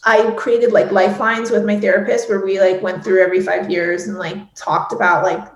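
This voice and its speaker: A woman's voice: mid-range voice, flat delivery, fairly quick. A woman in her forties speaking candidly and emotionally as an interview guest, with many filler words. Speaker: guest, head of production at an ad agency. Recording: roomy echo.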